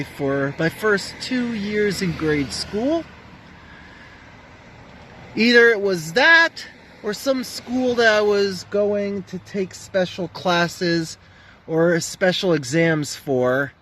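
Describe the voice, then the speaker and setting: Man, New Jersey accent, casual driving vlog, high voice, slow talker. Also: fairly bright tone, a little hiss or hum. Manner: rambling, talks to a cat in a high coo. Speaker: vlogger.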